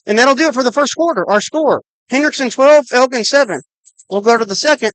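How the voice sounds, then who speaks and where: An adult announcer calling a high school basketball game on radio, with rapid, clipped calls of each pass and shot and the clock counted down aloud. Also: expressive, a bit bright, no room sound, rough recording. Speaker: play-by-play announcer.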